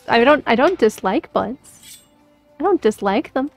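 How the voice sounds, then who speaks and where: A woman's voice: a little high, animated, unhurried, faint music behind. A woman streamer chatting casually while she plays a game, playful and rambling, often giggling.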